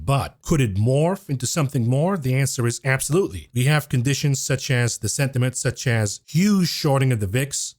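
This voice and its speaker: Man giving brisk, emphatic market commentary. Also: medium pitch. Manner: brisk, emphatic, talks through charts. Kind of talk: scripted-sounding market commentary.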